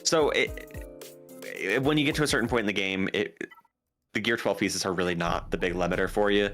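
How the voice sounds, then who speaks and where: A man with a low voice talks through his views on a gaming podcast. He is plain-spoken and lays out his opinions firmly. Faint music sits underneath. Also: a little fast, fairly bright tone. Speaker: co-host. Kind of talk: casual gaming podcast chat.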